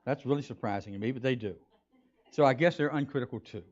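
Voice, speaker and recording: A man's voice: mid-range voice, fast talker. Brief: male pastor, conversational and playful sermon delivery, muffled church recording. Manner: animated, joking, conversational preaching.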